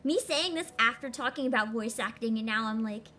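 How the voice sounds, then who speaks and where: A woman's voice: a little high, fairly quick, bright, forceful tone, faint music behind. A young woman streamer chatting casually and rambling with giggles, playful with her voice. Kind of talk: casual chat over a game stream.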